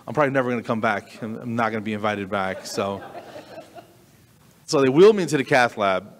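A middle-aged man performing stand-up comedy, telling a story with animated delivery and sudden high squeaks of disbelief. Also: a little fast, long pauses. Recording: long reverberant hall.

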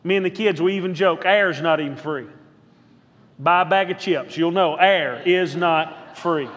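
A man's voice: a little high, a little slow, a bit bright, in a large hall. A man who is a pastor, preaching a sermon with rhythmic repetition and calling out to the congregation for a response. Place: church sanctuary.

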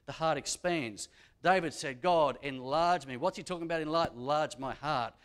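A man's voice: a little high, normal speed, clear, resonant tone. A man preaching a sermon as a pastor. He builds emphasis and repeats his key phrases. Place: church.

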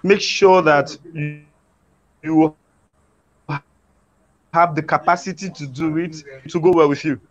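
A man, a guest singer answering interview questions haltingly, with many fillers and restarts. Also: a little high, steady tone, lo-fi sound.

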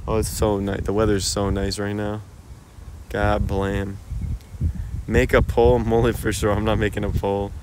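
Here the same kind of speaker, a young American guy, streams live from a phone in a park-like cemetery, with background noise around him. He speaks fairly fast with few pauses in a lowish, flat-pitched voice, casually bantering in slang and often laughing.

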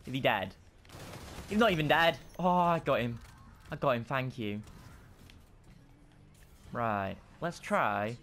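A young man giving casual, excitable commentary over his own gameplay, swinging between frustrated outbursts and self-mocking asides. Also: medium pitch, gravelly. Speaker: gaming channel host.

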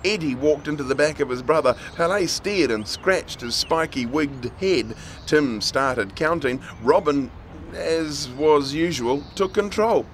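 A man reading a children's story aloud in a playful, expressive way. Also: on the high side, measured pace, a little hiss or hum.

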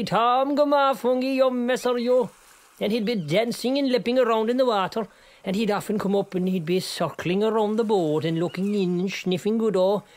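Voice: medium pitch, a little mellow, close to an everyday voice. Someone doing a boastful fisherman. He spins rambling tall tales in an easy, chatty way. It is played for comedy. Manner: rambling yarn-spinning, bursts into song. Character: boastful Kerry fisherman, tall-tale teller.

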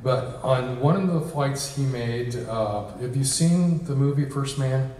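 In a reception hall, a male guest speaker talks to the audience in a casual lecture riddled with ums and uhs. His voice is medium in pitch, darkish, and a little slow. A distant mic captures the echoey room along with slight background noise.

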